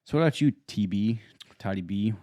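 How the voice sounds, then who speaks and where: Laid-back low-voiced man, casual chat. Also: expressive, a little fast, dark tone, no echo. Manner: laid-back, with lots of fillers like "dude" and "man". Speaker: podcast co-host.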